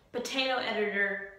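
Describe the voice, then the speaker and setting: Mid-range and sharp in tone, a young woman's voice fills an empty glass-doored breezeway indoors as she vlogs. The bare room echoes strongly. Chatting casually to the camera, she pokes fun at herself and laughs frequently.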